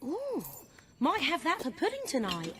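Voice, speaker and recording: A woman's voice: high voice, huge pitch swings, moderate pace, background noise. A woman voicing a cheerful pie-shop owner in a video game, fussy and full of praise. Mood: praising. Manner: fussy, praising, sing-song. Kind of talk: video game character lines.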